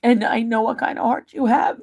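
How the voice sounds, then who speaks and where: A middle-aged woman hosts a casual livestream and reads viewer comments aloud, answering them one by one. She laughs and cries at the same time as she talks. Her voice is a little high, with a gravelly, creaky edge. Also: fairly even intonation, a little fast, darkish tone. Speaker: livestream host reading chat. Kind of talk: casual emotional livestream chat.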